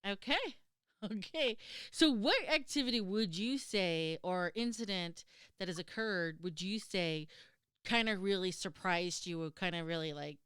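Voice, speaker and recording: A woman hosting an interview, asking questions in a relaxed, hesitant way. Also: lowish voice, unhurried, smooth, no echo, clean studio sound. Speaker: podcast host. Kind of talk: casual interview.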